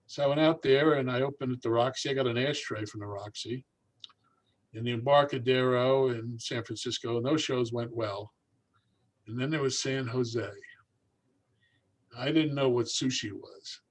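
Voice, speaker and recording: A man's voice: mid-range voice, normal speed, rough recording. An older man, a magician, telling a long story in conversation and acting out the people in it. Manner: animated, acts out voices in his anecdotes. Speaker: guest magician.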